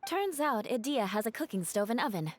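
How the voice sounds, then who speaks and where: A woman's voice: a little high, big pitch swings, a little fast. A woman voicing a cool, aloof young noblewoman knight in a video game, speaking in a dry, reserved way.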